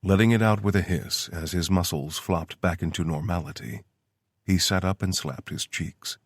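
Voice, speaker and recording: Male audiobook narrator, deep voice, husky, steady measured reading, dry close sound. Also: no echo.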